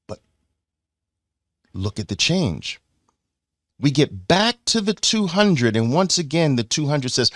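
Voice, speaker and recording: Lively New York man teaching trading. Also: fairly high pitch, takes it slowly, long pauses, no room sound, clean studio sound. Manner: animated, playful, acts out voices for the moving averages. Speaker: trading educator. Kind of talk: chart lesson.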